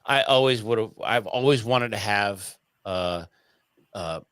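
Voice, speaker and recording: Animated, swearing male storyteller, dry sound. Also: fairly low pitch, slow, dry recording. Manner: animated, acts out quoted voices, swears casually. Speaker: interview guest. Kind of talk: casual storytelling.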